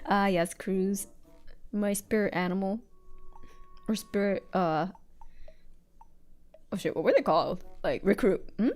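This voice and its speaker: A woman's voice: mid-range voice, measured pace, long pauses, darkish tone, faint music behind. A young American woman chatting casually on a live stream while she draws, rambling and giggling with lots of fillers.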